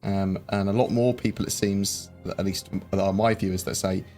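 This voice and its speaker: A livestream host with a low, dark voice speaks in a steady tone at a moderate pace while faint music plays behind him. He runs a casual live chat, rambling and hesitating, with plenty of fillers and restarts.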